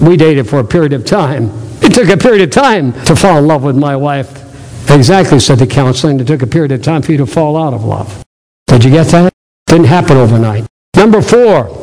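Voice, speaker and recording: A man's voice: a little high, darkish tone. A man preaching a sermon as pastor, emphatic, repeating his key phrases to drive them home. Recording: reverberant hall.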